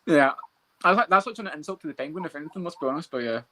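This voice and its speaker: Fast-talking sweary man. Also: a little high, sharp tone, slight background noise. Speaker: podcast co-host. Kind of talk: casual chat.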